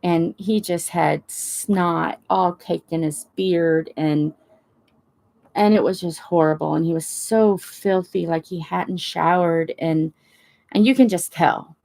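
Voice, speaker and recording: Speaking slowly in a lowish, creaky voice, a woman who hosts a crafting chat meanders through a casual story, acting out what everyone said.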